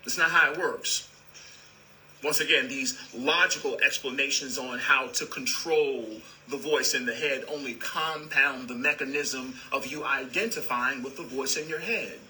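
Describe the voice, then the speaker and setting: A man speaking as a spiritual teacher, calm and repetitive, who addresses his listeners as "beloved". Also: medium pitch, unhurried, a little hiss or hum, low-quality recording. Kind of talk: spiritual talk.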